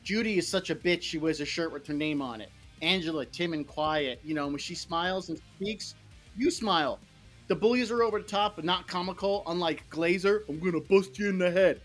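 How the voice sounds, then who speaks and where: A woman on a podcast panel arguing her pick with animated energy. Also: fairly low pitch, a little fast, faint music behind. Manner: animated, acting out quotes. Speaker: panel guest. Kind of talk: casual panel chat.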